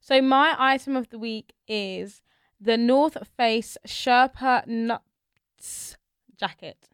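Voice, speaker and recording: A young woman co-hosting a podcast, telling stories in an animated, gossipy way. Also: on the high side, takes it slowly, smooth, dry recording, clean studio sound. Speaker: podcast co-host. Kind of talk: casual chat.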